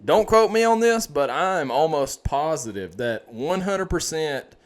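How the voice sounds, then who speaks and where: A man co-hosting a podcast, chatting casually in an excitable, profane way with lots of fillers. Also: a little high, unhurried. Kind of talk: casual chat.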